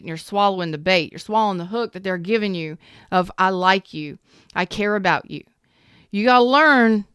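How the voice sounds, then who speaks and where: Woman tarot reader, casual and emphatic, smooth clear voice, dry close sound, repeats herself for effect. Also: medium pitch, a bit bright, no echo. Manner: repetitive, emphatic, storytelling. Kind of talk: casual spoken tarot reading.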